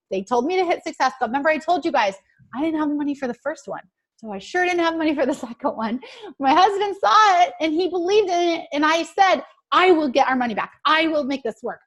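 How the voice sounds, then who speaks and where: Chatty high-voiced woman coach. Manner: chatty and eager, many fillers and quoted asides. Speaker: team coach on a training call. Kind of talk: casual talk on a team call.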